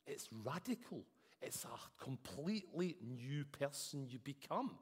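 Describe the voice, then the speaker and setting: A man preaching a sermon, earnest, swinging between loud emphasis and soft intensity. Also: mid-range voice, sing-song, a little slow, husky. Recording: echoey hall with long reverb.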